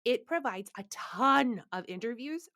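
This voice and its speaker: A woman's voice: fairly high pitch, lively intonation, measured pace, sharp tone. A woman co-hosting a theatre podcast, chatting breezily and narrating a story. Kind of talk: casual chat and story narration.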